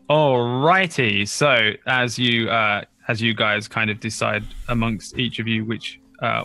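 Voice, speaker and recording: A man narrating as dungeon master, with loose, halting delivery full of ums and uhs. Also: mid-range voice, creaky, bright, forceful tone. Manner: frequent ums and uhs, chuckling asides. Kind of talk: tabletop game narration.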